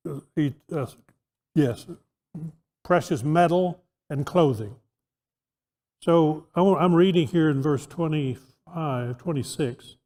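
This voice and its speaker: A man with a fairly high, dark-toned voice speaks slowly and pauses often while teaching an interactive Bible class. Conversational in style, he asks his listeners questions and frequently restarts sentences, recorded in the echoey hall of a church auditorium.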